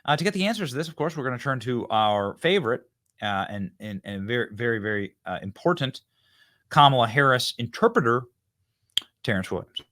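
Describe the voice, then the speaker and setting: A man's voice: medium pitch, very animated, a little fast, pushed and bright. Sarcastic man hosting a political show. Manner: mocking, sarcastic, with frequent fillers. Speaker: host of a political commentary show.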